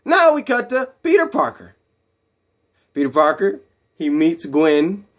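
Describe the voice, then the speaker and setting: A man casually retelling a film scene by scene, rambling and repeating himself, and jumping into higher voices when he quotes the characters. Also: sing-song, a little slow. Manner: rambling and repetitive, acting out quotes in raised voices. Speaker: movie recap vlogger.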